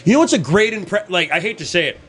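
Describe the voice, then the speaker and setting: Man, podcast host, high voice, casual chat, animated, profane. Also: breathy edge. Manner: animated, profane, breaks into quick impressions.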